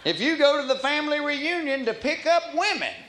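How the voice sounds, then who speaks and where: A man's voice: very high voice, animated, fairly quick, pushed and bright. A man performing a folksy stand-up routine on a comedy club stage, with audience laughter behind him. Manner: folksy, drawling storyteller. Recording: live club recording, roomy, audience noise.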